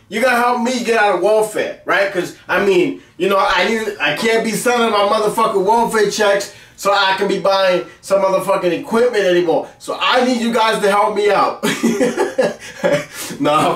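Male vlog host, brash and boastful, swears constantly, high voice, echoey room, distant mic. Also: moderate pace, fairly bright tone. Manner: brash, boastful, heavy cursing, mock-angry outbursts. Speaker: web series host. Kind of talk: profane comic rant to camera.

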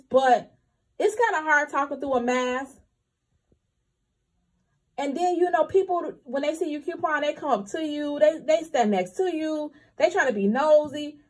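Chatty high-voiced woman with a lilt. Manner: candid, chatty, addresses viewers as y'all. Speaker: couponing vlogger. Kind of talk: casual chat to viewers.

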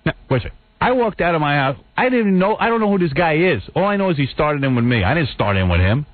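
A man's voice: very animated, fast, no room sound. A male radio host telling an exasperated story in a casual talk-show chat, acting out what people said. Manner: exasperated, acts out quotes in a higher voice. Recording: phone-like narrow radio sound.

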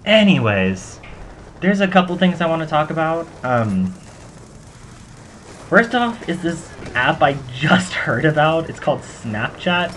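A man's voice: on the high side, sing-song, measured pace, fairly bright tone, a little hiss or hum. A young man hosting casual gameplay commentary, rambling and joking at his own expense. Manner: rambling, self-mocking, joking. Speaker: gaming channel host.

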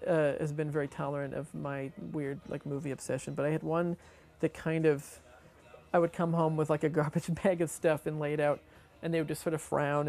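A man's voice: fairly high pitch, vocal fry, darkish tone. A man rambling about his movie collecting in a documentary interview. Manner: rambling, self-correcting.

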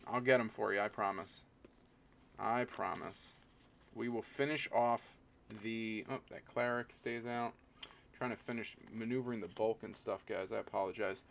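A man's voice: lowish voice, steady tone, normal speed, slight background noise. A man live-streaming as he opens trading card packs, chatting casually and naming each card as it comes out. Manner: chatty, rambling, calls out each card as it is pulled; talks to viewers and people in the room.

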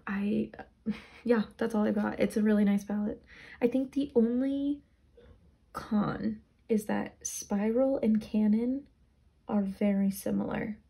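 A woman's voice: medium pitch, takes it slowly, gravelly, mellow. A young woman casually reviewing products, chatty and rambling, sounding tired. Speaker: beauty vlogger.

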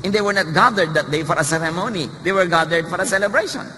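A man's voice: sits high, fast talker, sharp tone. A man with a Filipino accent preaching a sermon, conversational and humorous, moving between English and Tagalog. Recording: echoey hall, faint noise.

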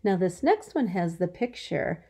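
This is a woman teacher leading a phonics lesson for small children. She speaks slowly in a mellow voice with a gravelly edge, drawing out each word patiently and encouragingly. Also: lowish voice, big pitch swings. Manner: slow, drawn-out words, encouraging and patient.

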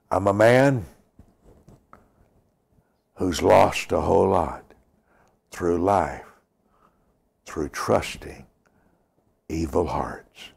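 Slow, gravelly older preacher. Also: male voice, low voice, lively intonation, a little mellow. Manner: slow, emphatic, repeats lines, drops to a whisper. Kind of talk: sermon with prayer.

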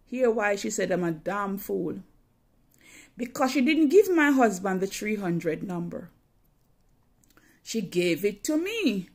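A woman's voice: mid-range voice, big pitch swings, takes it slowly, long pauses. A woman telling a personal story in a dramatic, emotional way, often repeating phrases.

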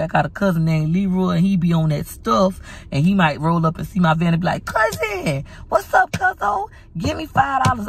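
A woman's voice: sits low, gravelly. A woman vlogging in casual chat from her van, telling stories in a dramatic, chatty way. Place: parked van at a laundromat.

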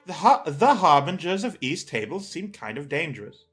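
A man's voice: on the high side, big pitch swings, normal speed, a bit bright, breathy edge, faint music behind, heavily acted. A man voicing a wry, money-minded adventurer recruit as improvised game character voicing. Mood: haggling. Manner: wry, haggling.

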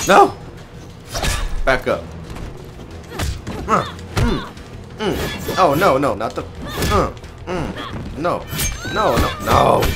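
A man giving live gameplay commentary, excitable and teasing, with sudden yelps and laughs. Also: medium pitch. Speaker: gaming video host. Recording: game music behind the voice.

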